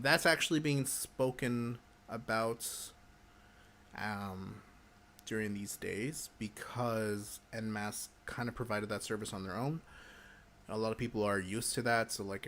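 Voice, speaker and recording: A man's voice: fairly low pitch, a bit bright, slight background noise. A man hosting a casual livestream Q&A for a game community, chewing gum and feeling hyper, rambling and breaking off his own sentences as he answers viewer questions. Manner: chatty, rambling, self-interrupting.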